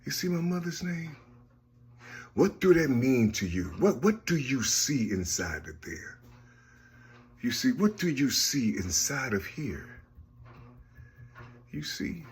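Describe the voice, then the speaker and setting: A man in a rambling personal monologue, halting and repetitive, often asking "you see?" and trailing off softly. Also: mid-range voice, sing-song. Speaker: speaker sharing personal visions.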